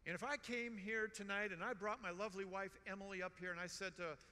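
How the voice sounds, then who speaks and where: A man in his sixties giving a storytelling conference talk in a large hall, animated and joking, with emphatic repetition. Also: high voice, fast talker. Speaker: conference speaker. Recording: long hall reverb.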